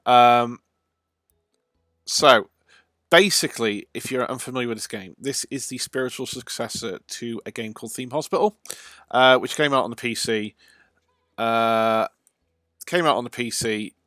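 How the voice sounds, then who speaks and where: Chatting loosely over a live video game stream, a man fills frequent pauses with ums and uhs in casual let's-play commentary. He speaks at an ordinary middle pitch with a fairly bright tone, and the audio is close and dry with no room echo.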